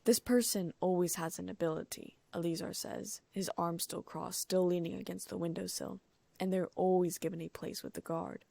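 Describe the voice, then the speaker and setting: Gravelly low woman reading an audiobook. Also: fairly even intonation, normal speed, dark tone, no echo. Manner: reads all characters in her own voice, with small lifts for dialogue. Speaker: audiobook narrator. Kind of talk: first-person audiobook reading of fan fiction.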